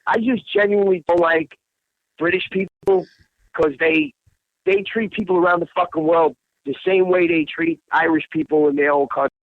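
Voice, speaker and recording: A man's voice: a little high, steady tone, normal speed, no echo. Profane rambling man, lo-fi podcast audio. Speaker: guest, bar owner. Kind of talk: casual phone-in chat. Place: Bangkok, Thailand.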